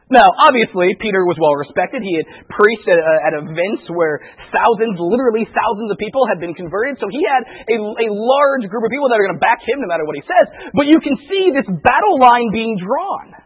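A man's voice: sits high, expressive, brisk, few pauses, husky. A male pastor preaching a sermon in a conversational way, acting out the voices of people he quotes. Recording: tinny phone-like radio recording.

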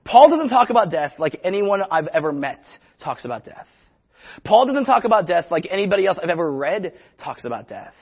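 Male pastor, high husky voice, animated conversational sermon, lo-fi sound. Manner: animated, conversational, quick asides.

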